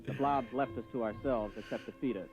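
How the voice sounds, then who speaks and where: A man's voice: medium pitch, brisk, darkish tone, highs cut off, soft background music, close to an everyday voice. An actor in his twenties playing a brash young American rocket captain with a Brooklyn accent, breezy and plainspoken, who also narrates. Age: 20s.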